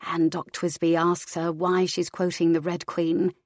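A woman narrating fiction aloud in a measured, even storytelling manner. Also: fairly low pitch, no room sound, clean studio sound. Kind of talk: audiobook fiction reading.

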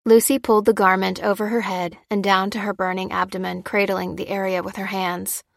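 A woman narrating an audiobook in a steady, even storytelling manner. Her voice sits at a middle pitch, and the recording is dry and close with no room sound. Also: fairly quick, creaky, dry recording. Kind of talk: scripted narration.

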